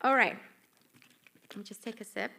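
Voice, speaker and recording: Woman, middle-aged, Persian accent, slightly high voice, animated, coaxing, live talk. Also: normal speed, gravelly. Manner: animated, coaxing, asks the room for agreement. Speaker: author and workshop speaker. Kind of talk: live book launch talk with group exercises. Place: event room with live audience.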